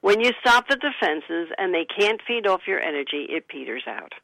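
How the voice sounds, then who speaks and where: An author talking about her book, coaching listeners gently and acting out soothing sample replies. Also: medium pitch, big pitch swings, normal speed, vocal fry, dry recording, rough recording. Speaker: author and guest. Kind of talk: conversational advice talk.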